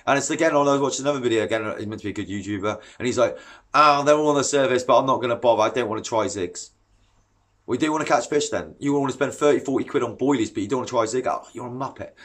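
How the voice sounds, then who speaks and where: A man's voice: mid-range voice, a bit bright. Blunt man ranting casually. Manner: blunt and opinionated, with slang. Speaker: carp fishing vlogger. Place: at home, then outdoors by a garden pond.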